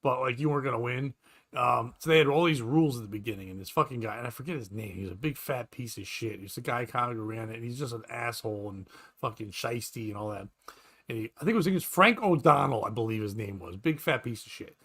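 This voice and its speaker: Bright, animated New man. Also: mid-range voice, fast. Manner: loud, animated storyteller, swears freely, does voices. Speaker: podcast co-host. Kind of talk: casual chat.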